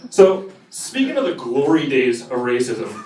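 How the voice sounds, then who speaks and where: A man's voice: medium pitch, wildly swooping pitch, measured pace, a little mellow, slight background noise. A young man doing a crude stand-up set, swearing and working the crowd in a cafe. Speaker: stand-up comedian. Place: cafe stage before a live audience. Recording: echoey room heard from a distance, crowd laughing.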